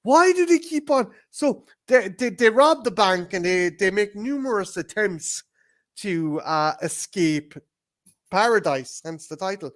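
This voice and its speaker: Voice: medium pitch, animated, measured pace. Rambling, profane co-host. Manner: rambling and profane, with many restarts; acts out scenes in quoted voices. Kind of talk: casual movie discussion.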